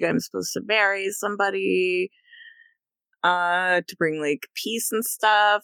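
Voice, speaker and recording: A woman playing a tabletop game, talking in a relaxed, hesitant way. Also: mid-range voice, creaky, no room sound. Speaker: player.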